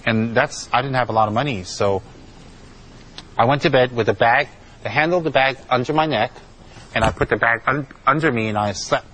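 Chatty monk telling a story. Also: male voice, medium pitch, fairly quick, bright, forceful tone, low-quality recording. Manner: chatty, repeats himself, many "you know" fillers. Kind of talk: spoken storytelling talk.

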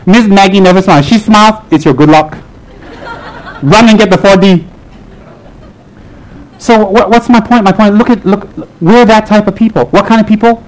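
A man giving a lively, joking Buddhist talk to a live audience, driving points home with repeated punchy lines. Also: high-pitched, moderate pace, pauses often, low-quality recording. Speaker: Buddhist lama teaching his group.

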